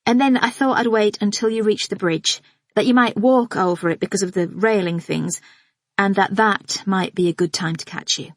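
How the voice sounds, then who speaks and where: A woman's voice: medium pitch, lively intonation, a little slow, breathy edge, no room sound. A woman reading an audiobook, voicing a flustered man who stumbles through breathless apologies. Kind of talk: audiobook character voice.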